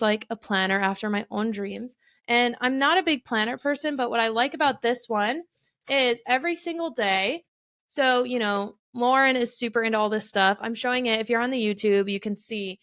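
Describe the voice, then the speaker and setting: A woman's voice: fairly high pitch, normal speed, fairly bright tone, no echo, studio quality. A young adult woman hosting her own podcast, talking candidly and casually on her own and swearing freely. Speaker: podcast host. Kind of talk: casual solo podcast monologue.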